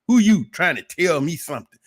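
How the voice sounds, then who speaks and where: A man's voice: on the high side, big pitch swings, a little fast. A man voicing a sassy, dismissive woman who brushes off advice in a defiant tone.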